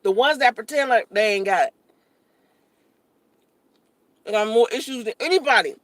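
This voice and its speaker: Woman in her late thirties, blunt profane livestream chat, eating on mic, bright tone, dry sound. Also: a little high, fast talker, dry recording. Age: 30s. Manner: blunt, profane, talks with her mouth full. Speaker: livestream host.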